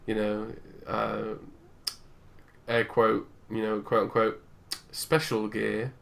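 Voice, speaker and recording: A man's voice: lowish voice, completely flat delivery, slow pace, vocal fry, a bit bright. A man co-hosting a podcast in a rambling, casual chat, tired with a dry, sore throat. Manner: chatty, rambling, self-interrupting. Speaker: podcast co-host.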